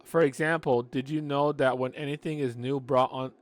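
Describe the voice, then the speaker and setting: A man's voice: medium pitch, steady tone, moderate pace. A man reading a novel aloud, breaking off for sarcastic asides about the writing. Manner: sarcastic asides, frequent restarts. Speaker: audiobook reader and commentator. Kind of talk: casual reading with commentary.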